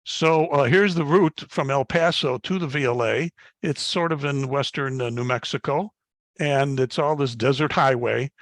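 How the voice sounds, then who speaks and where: A man's voice: medium pitch, moderate pace, no echo. Folksy older man giving a slide talk. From Chicago, United States. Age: 70s. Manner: folksy storytelling with frequent fillers and restarts. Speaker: guest speaker at an astronomy club. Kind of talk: slide talk with personal anecdotes.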